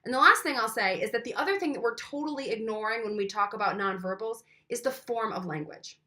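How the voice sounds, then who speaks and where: A woman lecturing in a loose, chatty way, her voice bright and forward. She talks straight to the listener, tossing in questions and showing off voice changes as she goes. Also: a little high, animated, quick pace. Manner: conversational, asks the listener questions, demonstrates voice changes. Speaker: instructor. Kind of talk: recorded lecture.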